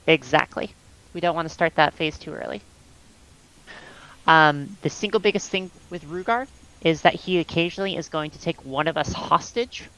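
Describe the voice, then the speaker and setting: A woman explaining game tactics over voice chat as raid leader, calm and instructive, with many ums, on a headset. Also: sits low, normal speed, clear, resonant tone, low-quality recording.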